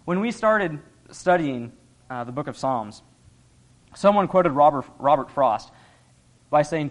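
A man's voice: on the high side, expressive, measured pace, long pauses. A young man giving an earnest, conversational sermon, laughing often as he talks. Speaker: lay preacher.

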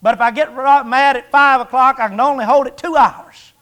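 A man's voice: very high-pitched, steady tone, brisk, fairly bright tone. A man in his sixties preaching a sermon in a folksy, conversational way, with jokes and rhetorical questions. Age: 60s.

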